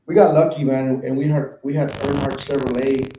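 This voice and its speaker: A man's voice: medium pitch, fairly even intonation, fairly quick, warm tone. A man guest on a podcast, a car painter, telling rambling, laid-back stories in casual chat. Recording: roomy echo.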